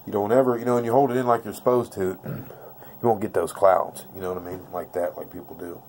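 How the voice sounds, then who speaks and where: A lowish male voice talks through a craps throw in loose, slangy, repetitive chat. He is blunt and intense, with a faint hum of room noise behind him. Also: fairly even intonation, fast talker, darkish tone. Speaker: craps dice-control instructor. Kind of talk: casual tabletop tutorial. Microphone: off-camera voice, face never shown.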